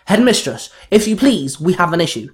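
A man's voice: on the high side, lively intonation, moderate pace, close to an everyday voice. A man reading aloud, voicing a stern woman who works at a school. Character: stern female school staff member.

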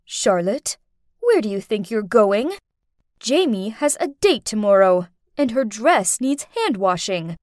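A woman's voice: mid-range voice, very animated, unhurried, darkish tone, dry recording, studio quality. A woman voicing a stern, bossy middle-aged mother who scolds her daughter. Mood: scolding. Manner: scolding, commanding.

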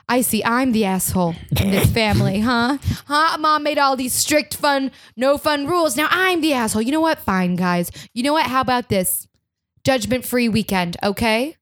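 A woman's voice: fairly high pitch, normal speed, a bit bright, no room sound. A woman performing an improvised comedy scene, talking in an exasperated, theatrical scolding way.

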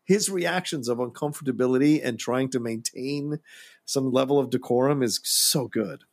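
A man co-hosting a casual film podcast, relaxed and full of trivia. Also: medium pitch, normal speed. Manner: relaxed, shares trivia, laughs along. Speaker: podcast co-host. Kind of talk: casual film commentary chat.

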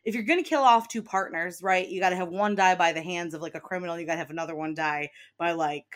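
A woman's voice: on the low side, fast talker. A woman with an Inland Northern American accent co-hosting a podcast, chatty and enthusiastic, often laughing. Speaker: podcast co-host. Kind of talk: casual chat about a TV show.

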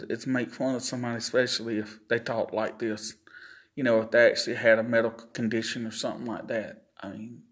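A man hosting a solo podcast, talking slowly and earnestly, his words slurred by a facial palsy. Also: medium pitch. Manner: slow, deliberate, earnest. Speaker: podcast host.

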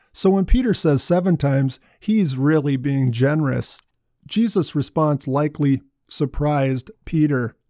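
A man's voice: on the high side, darkish tone, no echo, clean studio sound. A man preaching a sermon in a conversational way, asking his listeners questions as he retells parables.

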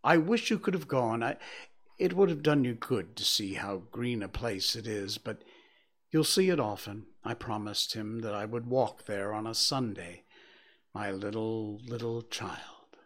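A man's voice: lowish voice, lively intonation, moderate pace, a bit bright. A man reading aloud, voicing a kind, poor father who talks tenderly and breaks with grief. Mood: grieving.

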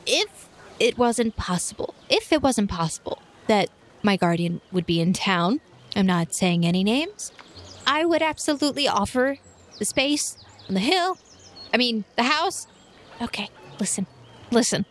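A woman voicing an excitable, lonely young girl who pleads in quick bursts. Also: on the high side. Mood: pleading.

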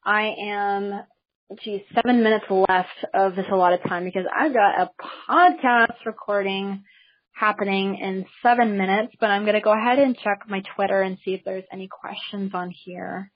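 Woman host, chatty and eager, husky tone, muffled call recording. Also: mid-range voice, fairly even intonation, normal speed. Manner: enthusiastic, chatty, with restarts. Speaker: host of a teleseminar. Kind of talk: casual talk to listeners on a call.

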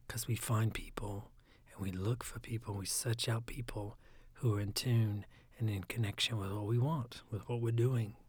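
A man with a raspy, phlegmy throat, talking in a soft, often half-whispered, rambling casual monologue. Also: lowish voice, dry recording.

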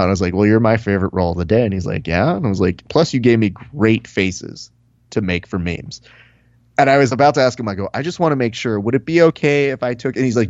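A man co-hosting a casual podcast, telling animated stories, swearing and acting out what people said. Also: on the low side, a little fast, no echo, dull audio. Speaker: podcast co-host.

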